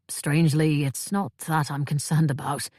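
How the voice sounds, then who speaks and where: A woman voicing a wise, calm male monk in an audiobook, speaking in a measured, solemn way. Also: sits low, no echo, clean studio sound. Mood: grave. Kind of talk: audiobook character voice.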